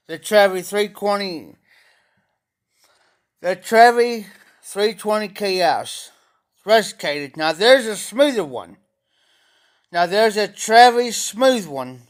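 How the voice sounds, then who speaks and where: A man, chatting slowly and rambling on a livestream from an auction house and greeting viewers by name. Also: high voice. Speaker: pipe-smoking livestream host. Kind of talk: casual livestream chat to viewers. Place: auction house, former bar room.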